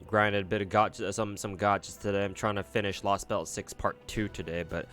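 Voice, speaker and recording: A man's voice: fairly low pitch, fairly even intonation, fairly quick, a bit bright, soft background music. A man streaming, chatting casually and rambling between read lines of a game. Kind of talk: casual chat while reading a game aloud.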